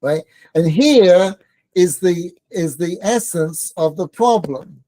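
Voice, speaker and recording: Brief: male rabbi, warm-dark tone, dry close recording, chatty teacher who quizzes his class. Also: high-pitched, slow, no echo. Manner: joking, conversational, asks the room questions. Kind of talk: informal Torah lesson with banter.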